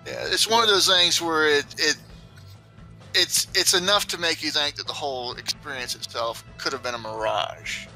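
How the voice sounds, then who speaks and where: Brief: laid-back male game master, loose rambling narration, bright voice, on a voice call. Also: a little high, moderate pace, soft background music, rough recording. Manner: rambling, loose, many fillers. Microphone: online voice call.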